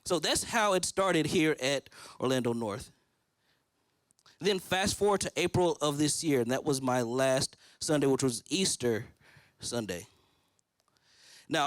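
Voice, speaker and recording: A man's voice: fairly high pitch, dry recording. A man in his thirties preaching a sermon from a church stage, telling his own story and acting out his prayers. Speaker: pastor.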